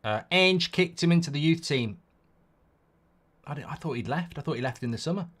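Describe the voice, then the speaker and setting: A middle-aged man hosting a live football watchalong, talking in an opinionated, rambling way with quick restarts. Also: fairly high pitch, expressive, a bit bright. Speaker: host.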